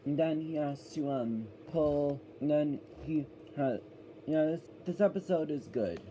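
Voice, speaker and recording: Man, casual reviewer, rambling and self-correcting, very dark mellow voice, faint background hiss. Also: fairly high pitch, a little slow, low-quality recording.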